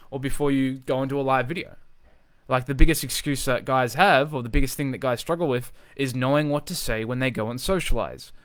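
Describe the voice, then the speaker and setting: A man speaking as a social confidence coach in an unscripted live video, energetic and emphatic, swearing freely and repeating phrases for emphasis. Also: medium pitch, clear, resonant tone, no room sound.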